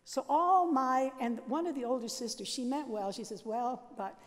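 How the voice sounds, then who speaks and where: Older nun, storyteller, bright high voice, self-mocking humor, reverberant chapel. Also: female voice, moderate pace. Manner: lively, self-mocking, laughs often. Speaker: Catholic sister and worship leader. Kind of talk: storytelling talk. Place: large seminary chapel.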